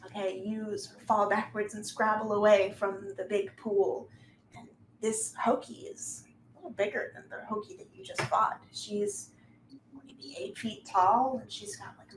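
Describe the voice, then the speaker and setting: A woman's voice: mid-range voice, lively intonation, unhurried. Brief: woman game master, casual descriptive narration full of fillers, echoey room, faint hiss.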